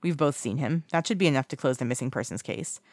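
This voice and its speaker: A reader voicing a blunt, grumbling young man with a rough brotherly manner. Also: mid-range voice, fast talker, darkish tone, no echo, studio quality, lightly acted. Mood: gruff.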